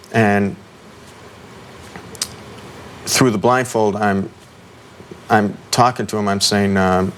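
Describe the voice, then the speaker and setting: A middle-aged man, a guest in an interview, recounting an ordeal in a halting way with many ums and restarts. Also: fairly low pitch, a little hiss or hum.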